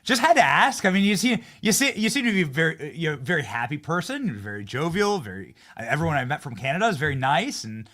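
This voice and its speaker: A man hosts a political talk show with a lively, bouncing pitch. He is jokey and animated, jumping from loud, excited bursts down to low, muttered asides. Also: fast talker, hardly any pauses. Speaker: host.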